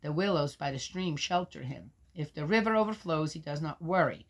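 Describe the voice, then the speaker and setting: Woman, low-ish voice, scripture reader who argues with the text, loud readings, muttered asides. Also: a little fast. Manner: interrupts herself with doubting, argumentative remarks. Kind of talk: reading aloud with skeptical asides.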